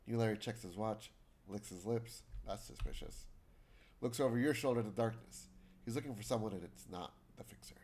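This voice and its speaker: A man's voice: lowish voice, lively intonation, fairly quick, gravelly, a little mellow, slightly rough. Chatty man streaming a video game. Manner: reads character lines aloud with shifting voices; chatty, trails into asides. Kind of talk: let's play commentary, reading game dialogue aloud.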